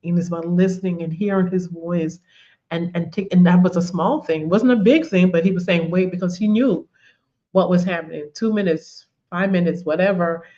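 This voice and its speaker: A woman's voice: fairly low pitch, moderate pace, mellow, highs cut off. A woman giving a conversational faith teaching, telling personal stories, repeating words and often saying "you know". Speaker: women's ministry teacher.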